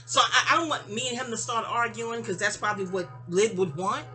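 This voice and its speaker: Bright-voiced, rambling New woman. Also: a little high, fairly quick, soft background music. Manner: animated, rambling, digressive, sassy. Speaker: storyteller. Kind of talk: casual storytime monologue.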